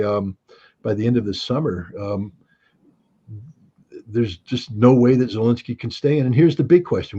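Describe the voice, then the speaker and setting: A man's voice: medium pitch, a little mellow, slightly rough, lo-fi sound. A man speaking as an interview guest, blunt and sardonic in casual talk. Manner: blunt, sardonic, with short laughs.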